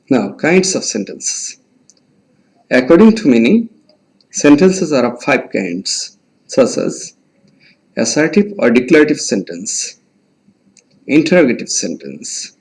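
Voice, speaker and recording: Slow, gravelly Bangladeshi English teacher. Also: male voice, medium pitch, darkish tone, rough recording. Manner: slow, deliberate, dictating examples word by word. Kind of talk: online grammar lesson.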